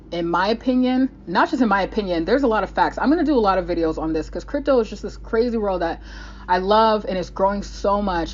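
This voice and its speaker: A woman's voice: on the low side, highs cut off, a little hiss or hum. A young woman from the United States, a vlogger rambling in casual talk to the camera, restarting her sentences often.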